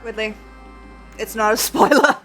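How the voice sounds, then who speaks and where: A woman's voice: on the high side, unhurried. A woman streaming a game, chatting casually and rambling with frequent laughs, over faint background music. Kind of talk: casual chat while gaming.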